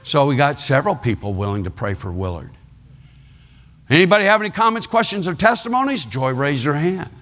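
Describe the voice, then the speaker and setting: A man's voice: fairly high pitch, very animated, a little fast, a bit bright. A man preaching a sermon as a pastor, telling a story with laughter and acting out the people in it.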